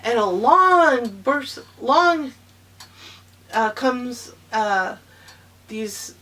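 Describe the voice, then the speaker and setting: Woman telling a kids story real slow and halting, bright voice, mic kinda far off. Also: on the high side, lively intonation. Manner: rambling, halting, with many fillers and restarts. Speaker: storyteller on a children's show. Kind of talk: improvised storytelling for children.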